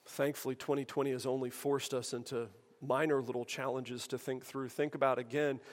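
A man's voice: mid-range voice, little pitch movement, brisk. A man preaching a sermon in a conversational way, asking the room rhetorical questions. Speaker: pastor. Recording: long hall reverb.

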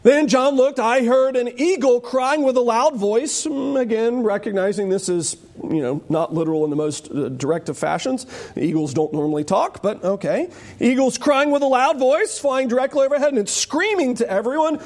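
A man preaching a sermon with animated delivery and joking asides. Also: very high-pitched, moderate pace.

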